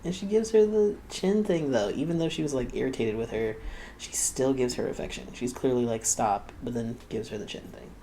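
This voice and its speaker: A man's voice: medium pitch, brisk, warm tone, slight background noise. A young man hosting a reaction video, chatting casually and laughing often as he quotes the people he watches.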